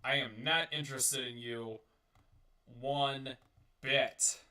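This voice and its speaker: A man's voice: mid-range voice, fairly even intonation, slow, bright, forceful tone, roomy sound, far from the mic. A man hosting a casual live-streamed talk show, rambling and swearing as he repeats and restarts his words. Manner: rambling and profane, with many restarts.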